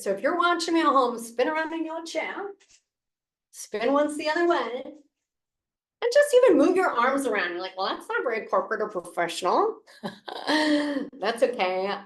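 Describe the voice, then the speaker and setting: A fairly high-voiced woman coach speaks to camera in a motivational talk. Her delivery is expressive and playful, breaking into gasps and laughs. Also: echoey room. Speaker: leadership coach.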